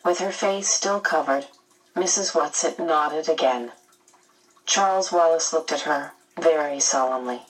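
A woman narrating a storybook chapter aloud in a measured, gentle way. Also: sits low, distant mic, poor audio. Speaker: audiobook narrator.

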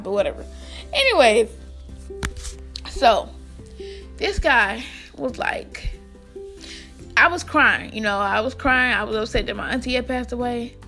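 A young woman from the United States telling a rambling, animated storytime to her viewers, full of fillers and restarts. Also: fairly high pitch. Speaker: vlogger. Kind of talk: casual storytime addressed to viewers.

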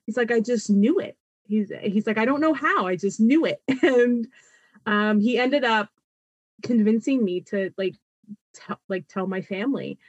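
Young woman guest, lively storyteller, close dry mic. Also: fairly high pitch, a little slow, no room sound, highs cut off. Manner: animated, laughs often, acts out quoted voices. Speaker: podcast guest, artist. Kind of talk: personal storytelling in a podcast interview.

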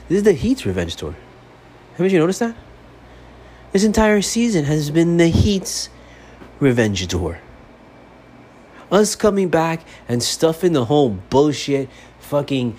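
A man's voice: fairly high pitch, sing-song, unhurried, darkish tone. A man hosting his own sports fan podcast, delivering a profane, fired-up monologue. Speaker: podcast host. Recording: faint background noise.

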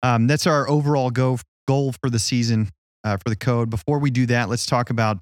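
A man co-hosting a church podcast with a middle-pitched voice, teasing his partner in a playful way. His voice sounds close and dry, as if right on the mic. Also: steady tone, a little fast, no echo. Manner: joking, teasing, with fillers. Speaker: senior adult pastor and podcast co-host. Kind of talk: casual podcast chat.

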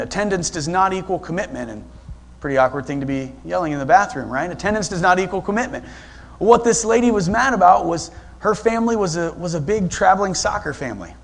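A man's voice: a little high, creaky. A middle-aged man, preaching a sermon in a conversational, storytelling way. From Ohio, USA. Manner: storytelling, conversational, with frequent restarts. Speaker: guest pastor.

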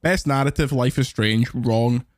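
A man's voice: mid-range voice, a little slow, dry recording, studio quality. A man co-hosting a podcast, ranting and joking in heavily sweary casual chat. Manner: sweary, animated, jokey rants. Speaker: podcast co-host.

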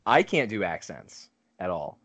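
A man's voice: sits low, big pitch swings, a little slow, fairly bright tone, slightly rough, dry recording. A man co-hosting a podcast, chatting casually and teasing his friends with lots of fillers. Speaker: podcast co-host. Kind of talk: casual chat.

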